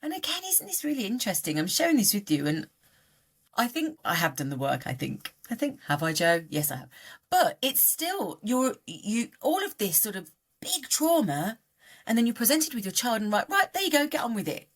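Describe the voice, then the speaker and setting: A middle-aged woman speaking candidly as a guest on a podcast, her voice leaping up and down as she tells her story. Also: moderate pace. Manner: animated, voice jumping up and down in pitch. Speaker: guest coach.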